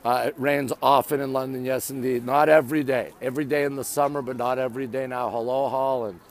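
A man's voice: mid-range voice, steady tone, a little fast. A man live-streaming from his phone outdoors, chattily greeting viewers and answering their comments as he walks. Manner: chatty, repeatedly greets viewers and says "there you go". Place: outdoors at a city landmark.

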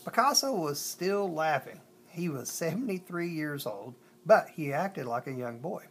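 A storyteller reading a children's picture book aloud. They often stumble and restart, and they slow down on lists. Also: mid-range voice, lively intonation, breathy edge.

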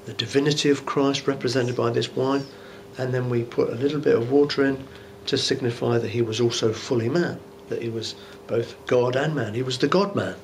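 A man's voice: medium pitch, fairly even intonation, a little fast, few pauses, slight background noise. Man giving a chatty Bible teaching. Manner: conversational and musing, with rhetorical asides. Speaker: bishop preaching. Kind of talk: informal Bible teaching sermon. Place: church.

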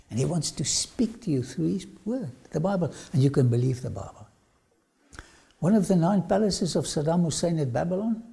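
Preaching a slow, dramatic lecture like a sermon, this man has a slightly high, mellow voice with vocal fry. He frequently sinks without warning into a whisper.

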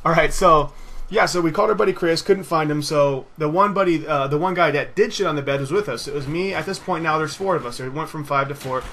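Rambling young man with a slightly high voice. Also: fast talker, fairly bright tone, slight background noise. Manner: rambling, loose, swears freely, laughs at his own story. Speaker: gaming video host. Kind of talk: casual storytelling over gameplay commentary.

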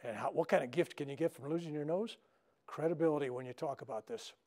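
A man's voice: a little high, fast talker, dark tone. An older man who is a minister, leading a workshop for a live group in a chatty storytelling way, often checking in with "right?". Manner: conversational storytelling with frequent "right?" tags. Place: spiritual center meeting room.

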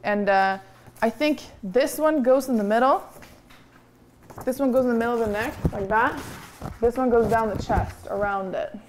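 A woman co-hosting a casual livestream from a room at home. Her voice sits a little high, and she talks loudly, swears freely and laughs a lot, with faint noise underneath. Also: normal speed. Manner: loud, swears and laughs often. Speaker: co-host of a livestream. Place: indoor home room with a fireplace.

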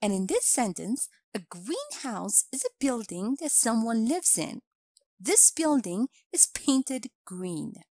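A woman reads a scripted grammar lesson at a slow, careful pace. Her pitch sits a little high and moves up and down a lot. The recording is dry and close. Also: big pitch swings, darkish tone, dry recording. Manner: slow, clear instructional delivery. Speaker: English teacher.

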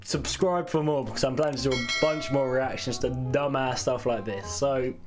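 A man's voice: medium pitch, moderate pace, music in the background. A young British man hosting a casual reaction video, cheeky and often laughing. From United Kingdom.

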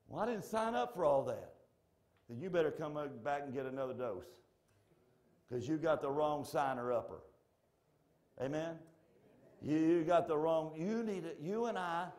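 A pastor preaching a sermon in a church, swinging from shouted lines to hushed, close asides. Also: male voice, mid-range voice, creaky. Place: church sanctuary.

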